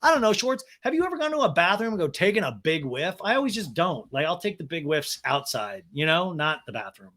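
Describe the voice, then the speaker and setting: A man's voice: on the high side, very animated, brisk, few pauses, a bit bright. A man hosting a podcast, giving a comedic recap with sarcastic asides. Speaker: podcast host. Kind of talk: comedic recap of a reality show.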